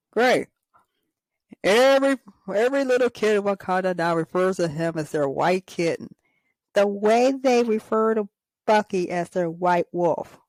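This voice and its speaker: A woman hosting a fan chat, giggly and rambling. She speaks slowly with a very lively pitch. The recording is close and dry. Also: no room sound, poor audio. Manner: giggly, rambling, frequent laughs. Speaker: host of a toy fan show. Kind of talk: casual chat with skits.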